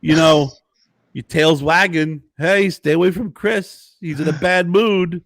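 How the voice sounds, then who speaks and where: A man doing an impression of an eccentric older actor, with halting pauses and strange deadpan logic. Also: on the high side, dry recording, studio quality, voice pushed up. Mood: bizarre deadpan.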